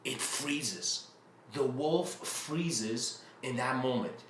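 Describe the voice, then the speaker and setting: A man's voice: mid-range voice, lively intonation, extremely slow. Rambling man in a roomy space. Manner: rambling, full of fillers and restarts. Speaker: spiritual lecturer. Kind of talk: casual spoken lecture. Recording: roomy with faint ambient noise.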